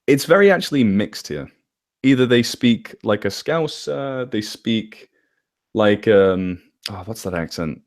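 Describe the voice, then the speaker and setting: A man's voice: lowish voice, expressive, a little slow. A man with a northwest English accent, a guest chatting casually in an interview, rambling a little and correcting himself as he goes. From England. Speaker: interview guest, story narrator. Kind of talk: casual chat.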